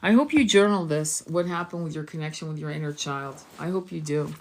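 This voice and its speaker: Low-pitched woman hosting an oracle stream, coaxing viewers to open up. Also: fairly quick. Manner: encouraging, coaxing viewers to share. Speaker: tarot and oracle reader hosting a live stream. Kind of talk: live-streamed spiritual session.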